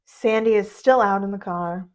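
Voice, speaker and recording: A woman's voice: medium pitch, moderate pace, darkish tone. Conversational woman recapping a film. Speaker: podcast co-host. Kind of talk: casual film discussion chat.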